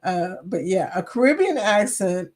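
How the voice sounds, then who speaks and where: A woman's voice: mid-range voice, expressive, measured pace, darkish tone. A woman from Chicago hosting a casual live chat, reading viewers' comments aloud and laughing often. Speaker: livestream host reading chat.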